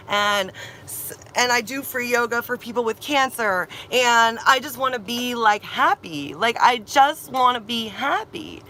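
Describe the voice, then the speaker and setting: A woman's voice: medium pitch, bright, forceful tone, slight background noise. A young woman venting in a vlog, upset and tearful, swearing and repeating herself. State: tearful and agitated. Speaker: vlogger. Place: camper van or campsite.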